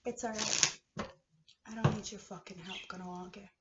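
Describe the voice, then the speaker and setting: A woman from Canada in a heated, profane personal rant, swinging between low muttering and shouting. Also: fairly even intonation, normal speed, heavy background noise. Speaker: vlogger. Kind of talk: emotional personal rant to camera. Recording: echoey room, dull lo-fi sound.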